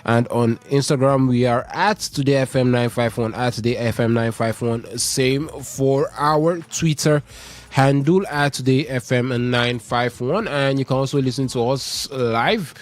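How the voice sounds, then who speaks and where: A man hosting a live radio sports show, talking through football news and reading out contact details in a brisk, repetitive way. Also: mid-range voice, fairly even intonation. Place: radio studio.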